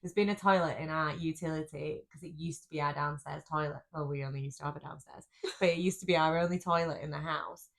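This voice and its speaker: A woman co-hosting a podcast in casual chat, teasing with deadpan banter. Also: sits low, fast talker, vocal fry. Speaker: podcast co-host.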